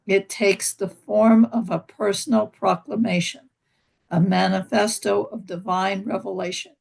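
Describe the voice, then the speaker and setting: Woman student reading aloud, slow and gravelly, halting over words. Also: medium pitch, fairly even intonation, a little mellow, rough recording. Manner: careful, halting reading with restarts. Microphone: video call.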